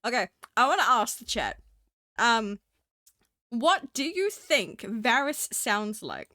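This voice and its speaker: A woman's voice: a little high, very animated, takes it slowly, bright, forceful tone, no room sound, clean studio sound. A woman streamer in casual live-stream chat, swearing freely, laughing often and talking to her chat.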